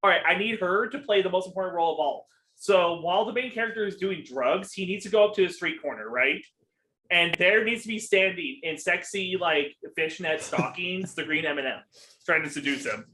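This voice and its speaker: A man's voice: sits high, brisk, bright, forceful tone, a little hiss or hum, poor audio. A young man co-hosting a podcast, rambling in casual chat with lots of ums and swearing. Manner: rambling, profane, with many ums. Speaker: podcast co-host.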